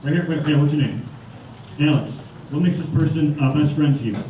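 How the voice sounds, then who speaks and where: Animated young man speaking to schoolchildren. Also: fairly high pitch, a little fast, muffled recording, a little hiss or hum. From Michigan. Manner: animated, acts out voices. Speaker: motivational speaker. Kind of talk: storytelling talk to schoolchildren. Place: school hall. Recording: echoey hall from far off.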